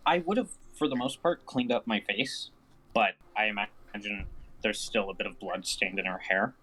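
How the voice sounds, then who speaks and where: A man's voice: fairly low pitch, moderate pace, sharp tone, rough recording. A man speaking as a player in a casual tabletop game, plain and matter-of-fact.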